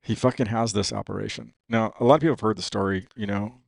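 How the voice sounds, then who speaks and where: A man's voice: fairly low pitch, quick pace, creaky, darkish tone, dry recording, studio quality. A man on a podcast telling a long personal story in casual, profane talk, full of "dude" and "you know what I mean.". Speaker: podcast guest.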